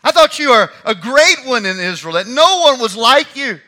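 A man's voice: high-pitched, animated, moderate pace, husky, voice pushed up. A man preacher voicing a young male warrior who calls out emphatically across a distance, taunting and pleading.

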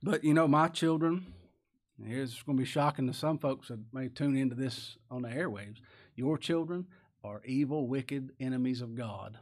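A man preaching a sermon in a folksy style, with rhetorical tag questions, swinging from loud to hushed. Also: mid-range voice, moderate pace. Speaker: pastor.

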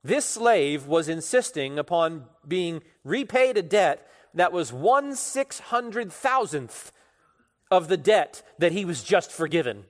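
A pastor preaching an expository sermon, emphatic, with sudden rises and falls in loudness. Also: male voice, on the high side, big pitch swings, takes it slowly, in a large hall.

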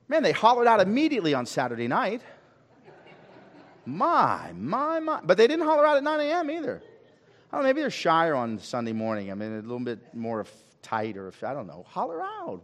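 Male pastor, fairly high, animated voice, call-and-response sermon, long hall reverb. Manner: asks the congregation questions, repeats phrases for emphasis. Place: church sanctuary.

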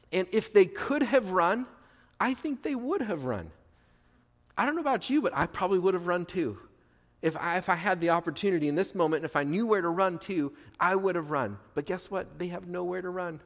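Male pastor, animated conversational preaching, voice a bit high, recorded in a reverberant hall. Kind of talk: sermon. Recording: long reverb of a large hall.

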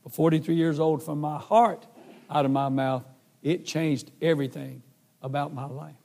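A man's voice: a little high, steady tone, moderate pace, vocal fry, darkish tone, big-room sound. A middle-aged man giving a heartfelt spoken testimony, telling his story earnestly and acting out his own prayers. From North Carolina. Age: 40s or older. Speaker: gospel singer giving testimony.

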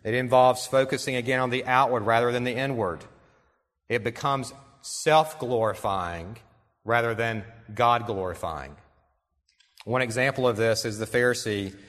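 A man preaches in a church sanctuary, his mid-pitched voice carrying earnest conviction as he reads quotations aloud. He slows down to press key points home. The sound trails off into the long reverb of a large hall. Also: a bit bright. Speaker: pastor. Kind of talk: sermon.

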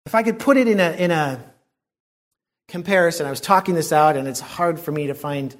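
A man preaching a sermon in an earnest, reflective way, often dropping to a soft hush. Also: fairly high pitch, fairly quick.

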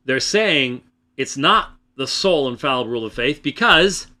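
A man hosting a religious program alone in a small room, talking emphatically and loudly into a close microphone, restarting his sentences. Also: medium pitch, lively intonation, moderate pace. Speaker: host of a religious debate program. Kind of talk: solo spoken commentary. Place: small room, away from the usual studio.

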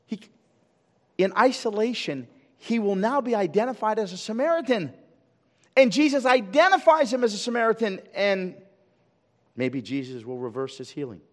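A man's voice: animated, normal speed. Impassioned male pastor in a reverberant church. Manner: impassioned preaching that swings from loud emphatic peaks to quiet low pleading; asks the congregation rhetorical questions. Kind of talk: sermon. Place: church sanctuary. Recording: long reverb of a church hall.

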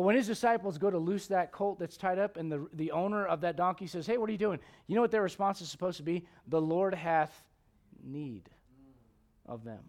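A man preaching a sermon as pastor, conversational with jokes, swinging from loud emphatic peaks to hushed low passages.

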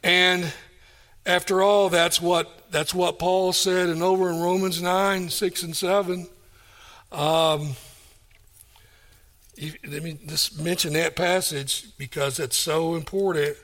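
Slow, high-voiced male preacher. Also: fairly even intonation, a bit bright. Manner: reads scripture aloud and explains it verse by verse; repeats and stresses key phrases. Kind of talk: sermon.

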